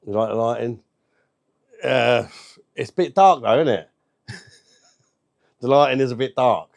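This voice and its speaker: Gravelly guy, cheeky live chat. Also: medium pitch, unhurried. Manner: cheeky, banters and swears freely. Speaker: beer review livestream host. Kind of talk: casual live chat reading out viewer comments.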